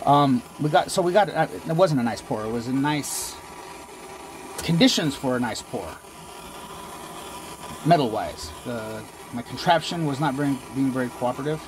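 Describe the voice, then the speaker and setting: A man's voice: medium pitch, moderate pace, long pauses, noisy background. A man casually talking viewers through his jewelry casting work in a home workshop, calling them "guys" and poking fun at himself. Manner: talks to viewers while working, self-deprecating, frequent "guys". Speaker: jewelry maker vlogger.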